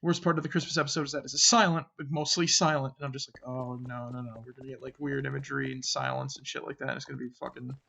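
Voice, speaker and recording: A man casually telling a story of a frightening night, rambling and halting with many restarts, dropping to a murmur when he voices his own fearful thoughts. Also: mid-range voice, steady tone, gravelly, bright, forceful tone, breathy edge, lo-fi sound. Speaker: channel host.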